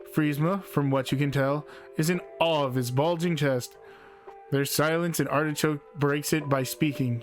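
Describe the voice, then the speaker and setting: Playful guy reading a text game out loud, kinda high voice, soft music behind. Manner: playful, laughs while reading. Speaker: game streamer.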